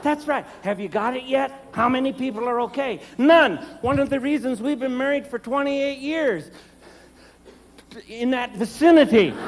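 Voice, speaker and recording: A middle-aged man doing stand-up comedy, telling animated stories with panicked shrieks and gruff character voices. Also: extremely high pitch. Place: large theater with a live audience. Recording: live stage recording with long reverb and audience noise.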